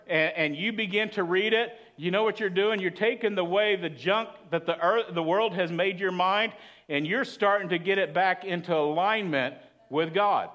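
A man's voice: high-pitched, normal speed, a bit bright. A man preaching a sermon as pastor, chatty and asking the congregation questions. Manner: conversational, asks the congregation questions.

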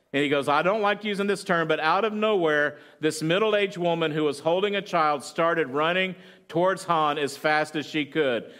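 A man with a somewhat high voice preaches to his congregation. He tells a long story aloud and quotes the people in it, with fillers and restarts along the way. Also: a bit bright. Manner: retells a story with quoted lines, halting fillers. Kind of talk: sermon storytelling.

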